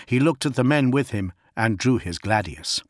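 A man narrating an audiobook in an even, measured storytelling manner. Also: medium pitch, dry recording, studio quality.

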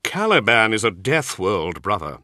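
A man voicing a calm, dry-witted scholarly monk who reasons coolly. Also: lowish voice, moderate pace, no room sound.

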